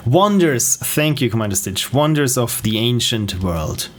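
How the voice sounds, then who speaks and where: His mid-range voice swings widely in pitch and moves a little slowly, with slight background noise behind it. The man, who has a German accent, casually thinks aloud over a streamed strategy game, using frequent fillers and correcting himself often.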